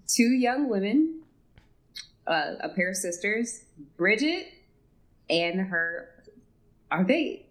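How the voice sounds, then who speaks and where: A young woman co-hosting a casual film podcast, speaking in a halting, thoughtful way. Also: on the high side. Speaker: podcast co-host.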